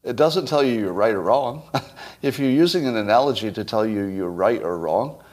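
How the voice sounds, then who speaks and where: A man's voice: lowish voice, lively intonation, moderate pace, a little mellow. A man hosting a solo commentary monologue, blunt, sarcastic and emphatic. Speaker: host.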